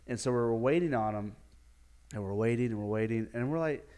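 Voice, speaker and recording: A man spins a casual podcast yarn with an animated, chuckling delivery and plenty of "like"s. His voice is smooth and clear in the middle range, the easygoing tone of a youth minister talking to friends. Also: mid-range voice, brisk. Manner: animated, chuckling storyteller with many fillers. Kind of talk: casual storytelling.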